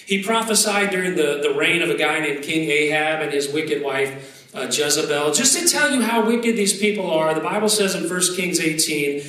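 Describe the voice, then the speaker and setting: A male pastor in his thirties preaches in a conversational, animated way, throwing in asides and doubling words as he goes. His voice sits a bit high and comes from a distance across a very echoey sanctuary, with a faint hum of room ambience behind him. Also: moderate pace. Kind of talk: sermon with prayer. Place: church sanctuary.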